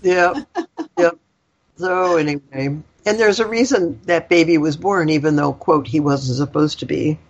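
A woman's voice: low voice, unhurried, muffled recording. An older woman, a guest, telling a personal story in a candid, rambling way, with lots of fillers and laughter.

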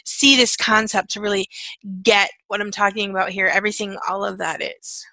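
A woman leads a guided self-help talk with a gravelly edge to her voice. She repeats phrases like a chant, and her delivery is conversational and full of check-ins. Her tone is bright and the sound is very dry. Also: medium pitch, level tone, moderate pace, no echo, rough recording. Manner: conversational, frequent "okay" and "right". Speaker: energy-clearing facilitator.

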